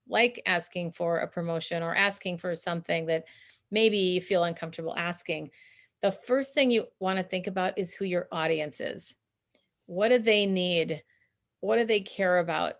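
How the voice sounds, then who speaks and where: A woman guest on a video call, giving coaching advice in an interview and laughing often as she explains. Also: lowish voice. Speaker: guest, communication consultant.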